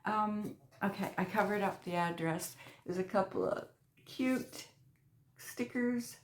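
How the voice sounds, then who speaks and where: A woman hosting a crochet channel, chatting casually as she unboxes mail, gushing and excitable, often dropping to a soft near-whisper. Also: medium pitch, slow, a little hiss or hum. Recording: echoey room.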